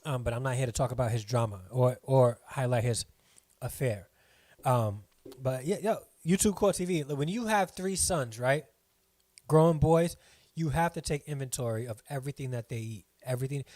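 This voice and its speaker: Man, middle-aged, live stream host, rambling casual chat, reads comments aloud, mid-pitched voice, dry room. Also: a little mellow, no room sound. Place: at home.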